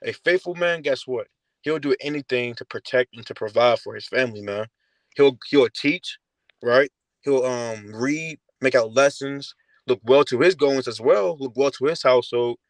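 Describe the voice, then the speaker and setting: A man's voice: mid-range voice, normal speed, no room sound, poor audio. A man talks scripture in a casual, slangy way and keeps tagging lines with "man." The recording is dry and close, with no room sound. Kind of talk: scripture teaching.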